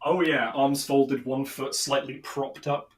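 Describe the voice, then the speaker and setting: A man chatting at a tabletop game session with dry, sarcastic humor. His voice sits at an ordinary middle pitch. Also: level tone, unhurried, recorded from a distance. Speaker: player. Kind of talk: casual game chat.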